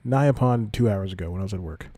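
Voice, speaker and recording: A man's voice: on the low side, quick pace, dark tone, no room sound. A young man hosting his own podcast, rambling loosely and restarting his sentences with self-mocking asides. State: slightly out of breath. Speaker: podcast host. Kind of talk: rambling solo podcast talk.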